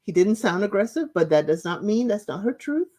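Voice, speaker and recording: A woman's voice: medium pitch, very animated, brisk, warm tone. A woman hosting her own channel, chatting casually as she recaps reality show episodes and retells the scenes in her own words.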